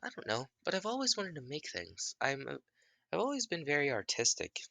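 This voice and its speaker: A man's voice: on the high side, wildly swooping pitch, fairly quick, gravelly, pushed and bright, no room sound, voice pushed up, full character voice. A man voicing a shy, grieving young boy who stammers his answers. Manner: timid, hesitant.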